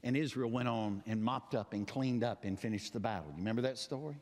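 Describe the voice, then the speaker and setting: A man preaching a sermon as pastor, telling stories dramatically, swinging between loud cries and quiet asides. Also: medium pitch, quick pace. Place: church sanctuary. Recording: long church hall reverb.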